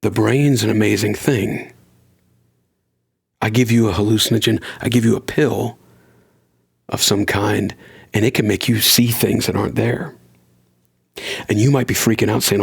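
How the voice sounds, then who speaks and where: A man's voice: lowish voice, steady tone, normal speed, creaky, long pauses, husky. A man hosting a solo podcast, talking in an earnest, conversational way and shifting his pace for emphasis. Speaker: podcast host.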